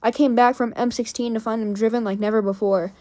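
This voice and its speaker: A woman's voice: on the high side, fairly even intonation, quick pace, mellow, no echo, natural voice. A woman reading a reflective old butler narrating. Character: older male butler, worried, reflective.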